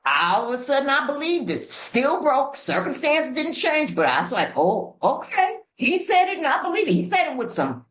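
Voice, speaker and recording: A woman from Georgia, co-hosting a recovery podcast, shares her story in a folksy, emphatic and animated way. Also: sits high, normal speed, hardly any pauses, roomy sound, a little hiss or hum, low-quality recording. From Georgia, USA. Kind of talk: heartfelt conversational sharing.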